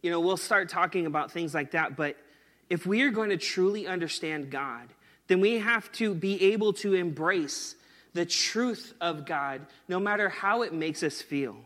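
A man's voice: high voice, moderate pace, fairly bright tone, big-room sound. A man in his thirties preaching a sermon in an earnest, conversational way, mixing scripture with stories from home. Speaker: pastor.

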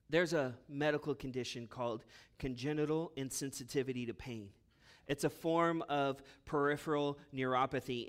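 A man preaching a sermon as a pastor, with impassioned delivery that swings between loud urgent bursts and hushed asides. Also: medium pitch.

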